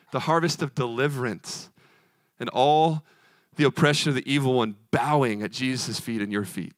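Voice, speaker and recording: A male preacher delivers a sermon in an earnest, emphatic way, driving points home through rhythmic repetition. His voice sits at an ordinary middle pitch. The sound is close and dry, with little room echo. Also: a bit bright.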